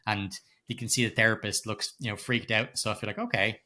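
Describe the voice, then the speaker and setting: Man recapping a film, bright and swearing. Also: fairly low pitch, fairly quick. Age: middle-aged. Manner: animated storytelling, heavy swearing, frequent laughter. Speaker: podcast co-host. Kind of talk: casual film-recap chat.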